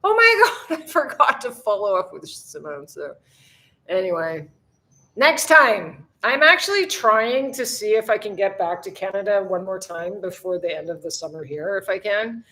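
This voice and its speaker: A chatty woman from the United States who talks straight to her viewers on a casual livestream and answers their comments as they come in. Her voice is bright and forward, at a medium pitch, with light swearing mixed into quick back-and-forth. The sound has a phone-mic feel. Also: lively intonation. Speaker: livestream host. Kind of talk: casual live chat with viewers. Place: outdoors in bright sun.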